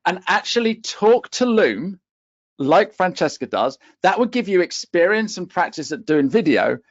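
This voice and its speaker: Emphatic West Country man, high voice. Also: very animated, moderate pace, no echo, lo-fi sound. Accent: West Country English. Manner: emphatic, tags points with "okay?". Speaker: LinkedIn coach for accountants. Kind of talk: webinar panel talk.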